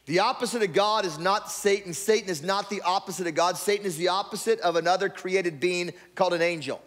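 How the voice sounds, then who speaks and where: A man's voice: high-pitched, fairly quick, a bit bright. A male pastor preaching a Sunday sermon in a conversational style, often stumbling and restarting his phrases. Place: church sanctuary. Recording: long hall reverb.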